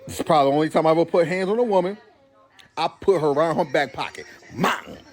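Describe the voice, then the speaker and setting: A man's voice: on the high side, rapid-fire, a little mellow. A middle-aged man telling a story in a casual way and acting out the scenes as he goes. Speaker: guest.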